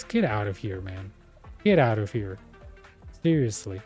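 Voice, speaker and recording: Young guy w venting on stream, keeps saying dude, warm mellow tone, music low behind. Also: big pitch swings, unhurried. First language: Spanish. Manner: exasperated, rambling, says dude a lot. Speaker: gaming streamer. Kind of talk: casual rant while gaming.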